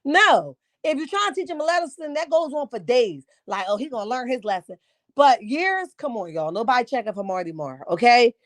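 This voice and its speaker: Woman, high voice, dry close recording, sassy, emphatic, live commentary from home. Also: sing-song, moderate pace, few pauses, no echo. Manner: sassy, emphatic, keeps asking "right?". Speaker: livestream host.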